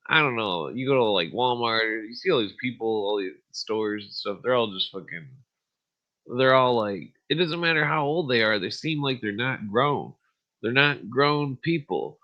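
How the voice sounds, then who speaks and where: A man hosting a podcast, ranting in a rambling, profane monologue full of fillers and short laughs. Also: on the low side. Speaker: podcast host. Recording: dull lo-fi audio.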